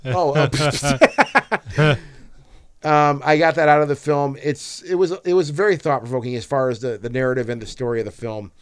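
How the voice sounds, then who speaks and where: A man's voice: medium pitch, normal speed, smooth, dry recording. Guy co-hosting a movie podcast, rambles and grumbles jokingly, dry sound. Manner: rambling, restarts and jokey grumbling. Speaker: podcast co-host. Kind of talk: casual movie chat.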